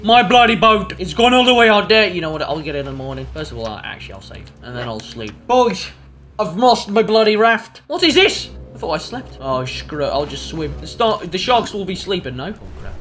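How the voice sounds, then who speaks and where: Excitable young gamer, yelping and swearing. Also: male voice, high voice, brisk, soft background music. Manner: excitable, swears a lot, bursts into yelps. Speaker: gaming YouTuber. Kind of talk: let's play commentary.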